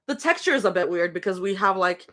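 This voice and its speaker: A woman's voice: mid-range voice, expressive, fast, a bit bright. A young woman streaming from home, chatting casually and rambling between snacks during a live reading. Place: home room.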